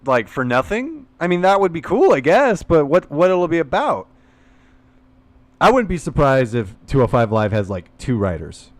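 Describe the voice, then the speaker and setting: A man's voice: medium pitch, big pitch swings, moderate pace, no echo. A man hosting a casual, unscripted recap of a show, rambling and opinionated and swearing freely. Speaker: YouTube wrestling recap host.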